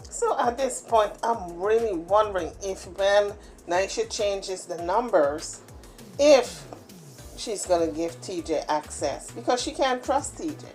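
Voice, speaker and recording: A woman's voice: mid-range voice, lively intonation, a little slow, music in the background. A woman talks through a gossip story as a channel host. She is emphatic and opinionated, with a middle-range voice. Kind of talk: gossip commentary.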